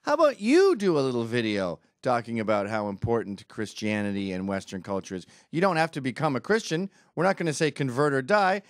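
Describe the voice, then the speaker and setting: Sarcastic man ranting with lively pitch. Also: fairly quick, hardly any pauses, no echo, clean studio sound. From Britain. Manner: sarcastic, mocking. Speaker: commentator. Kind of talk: comedic rant over a video clip.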